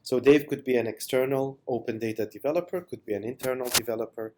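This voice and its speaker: A man presenting a software product demo in an unscripted voice-over, enthusiastic and with many fillers. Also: mid-range voice, quick pace.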